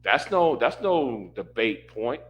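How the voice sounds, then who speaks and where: A man's voice: medium pitch, very animated, takes it slowly, dull audio. A man in a casual rant, exasperated and repetitive, stumbling over restarts. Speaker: commentator reacting to a panel stream.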